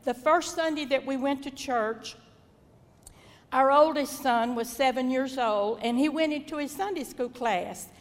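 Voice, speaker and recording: High-voiced older Southern woman, reverberant. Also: measured pace. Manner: folksy, devout, gently chuckling. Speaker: mother sharing testimony. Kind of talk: personal testimony, reminiscing.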